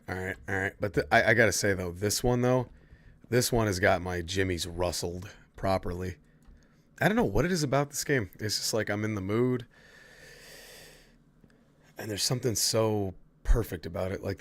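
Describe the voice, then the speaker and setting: Low-voiced man streaming a horror game. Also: moderate pace, a bit bright, no room sound. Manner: chatty, swears freely, talks to chat. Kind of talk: casual gameplay commentary.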